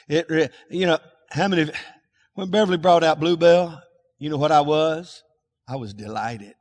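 Man, folksy sermon, high voice, long hall echo. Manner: folksy, calls for congregation responses. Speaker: pastor.

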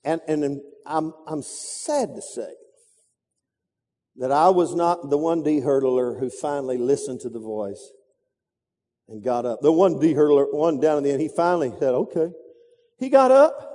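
A man's voice: on the high side, unhurried, warm tone. A man preaching a sermon, telling a story dramatically with sound effects and repetition. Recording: reverberant hall.

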